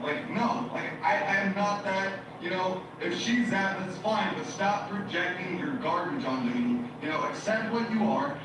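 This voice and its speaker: A man's voice: high voice, normal speed, few pauses, background noise. A man in a rambling, agitated monologue, repeating himself with many fillers, heard as a recording played back in a courtroom. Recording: very echoey playback heard from far off.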